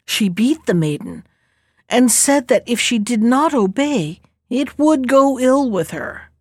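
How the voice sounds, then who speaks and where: Female storyteller, calm and measured, fairly high voice, dry close recording. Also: husky, no echo. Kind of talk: fairy tale narration.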